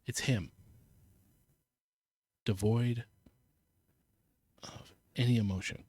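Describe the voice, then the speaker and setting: A man's voice: mid-range voice, steady tone, slow, a little mellow, husky, no room sound. A man co-hosting a podcast in casual chat, animatedly retelling a film scene, swearing and acting out the lines. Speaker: podcast co-host.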